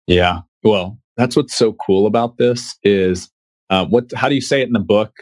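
Male podcast host, affirming, low voice, dry sound. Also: normal speed, darkish tone, no echo. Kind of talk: casual interview chat.

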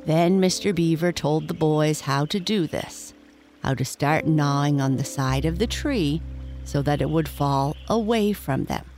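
Bedtime story reader, slow and gentle, middle pitch. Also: faint music behind.

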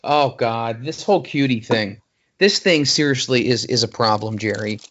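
A man co-hosting a casual podcast, talking in an animated, exclaiming, exasperated way. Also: medium pitch, normal speed. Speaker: podcast co-host. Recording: dull lo-fi audio.

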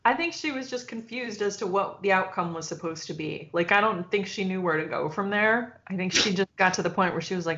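A woman co-hosting a casual chat, telling a story in an animated way, swearing freely and acting out quoted voices. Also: medium pitch, fairly quick. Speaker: podcast co-host. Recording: dull, slightly lo-fi sound.

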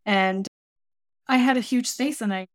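A woman, a baker and teacher, telling lively anecdotes as an interview guest. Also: a little high, unhurried, no echo, clean studio sound. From Canada. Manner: lively anecdotal storytelling with voiced asides. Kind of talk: casual interview storytelling.

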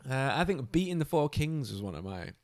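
A man's voice: medium pitch, big pitch swings, a little fast, darkish tone, no room sound, studio quality. A man chatting casually about a video game, enthusiastic and swearing freely.

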